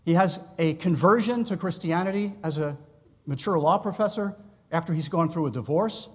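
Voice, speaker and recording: A man giving an academic lecture, explaining history in a measured way with asides to his listeners. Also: a little high, slightly rough. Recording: long reverb in a hall.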